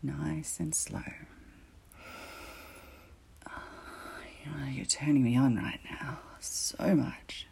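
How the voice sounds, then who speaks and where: A woman voicing a teasing, commanding female teacher in an audio role-play, often dropping into soft whispers. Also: sits low, fairly even intonation, slow pace, gravelly, pauses often, full character voice. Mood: seductive.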